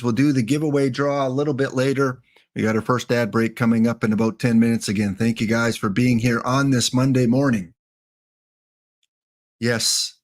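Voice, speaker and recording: A middle-aged Canadian man hosting a livestream with casual, joking chat, answering his viewers. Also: medium pitch. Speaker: livestream host.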